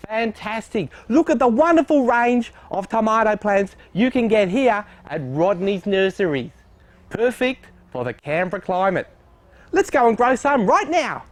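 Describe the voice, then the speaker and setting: A man's voice: high-pitched, very animated, a little slow, no echo. A man, a co-host asking playful, silly questions in tongue-in-cheek banter outdoors at a nursery. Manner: goofy, playful, cracks silly jokes.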